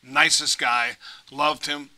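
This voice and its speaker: Middle-aged male actor guest, swears a lot, jokes around, bright, slightly high voice. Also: fairly even intonation, slow pace, rough recording. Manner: profane, joking anecdotes with put-on voices. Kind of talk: casual storytelling interview.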